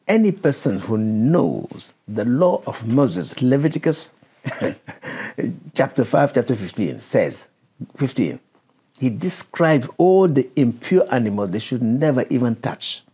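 A man's voice: mid-range voice, sing-song, takes it slowly, warm tone, slightly rough. A man preaching and teaching a Bible passage, stopping the reader to explain verses and question her.

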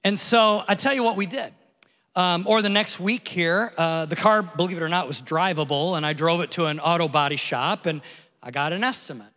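A man in his forties, a pastor giving a conversational sermon built around a personal story, told in an animated way with the scene acted out. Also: fairly high pitch, moderate pace, in a large hall. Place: large church hall.

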